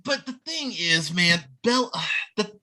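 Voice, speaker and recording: A podcast host chatting casually about a movie, animated, swearing often and leaning on "like" fillers. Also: medium pitch, slow. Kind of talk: casual movie review chat.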